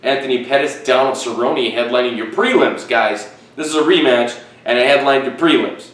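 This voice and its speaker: A man's voice: mid-range voice, normal speed, a bit bright, heavy reverb, recorded from a distance, low-quality recording. A man hosting a casual solo podcast in his living room. He rambles, swears freely and corrects himself as he goes. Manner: profane, rambling, self-correcting. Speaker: podcast host. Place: living room with fish tank and fan. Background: fish tank, fan, dogs outside.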